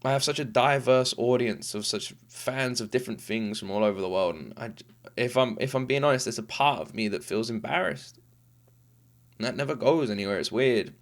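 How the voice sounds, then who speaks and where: A man's voice: mid-range voice, lively intonation, a little fast. A man in his thirties hosting a reaction video, talking in an earnest, heartfelt, rambling way with restarts, tearful after crying. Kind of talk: casual emotional monologue.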